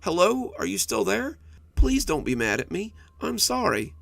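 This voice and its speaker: A jittery little monster from under the bed, voiced by a man. He has a high, childlike voice that wavers between bluster and fear, with a rough gravelly grain. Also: sing-song, moderate pace, no echo, heavily acted. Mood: pleading. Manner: fearful, pleading, blustering.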